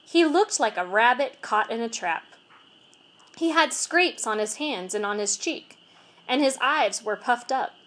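High, lively woman reading a storybook. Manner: expressive, measured read-aloud. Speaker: reader. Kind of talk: storybook narration.

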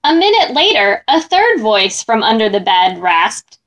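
Animated woman reading a children's story. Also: fairly high pitch, measured pace. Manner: expressive, animated.

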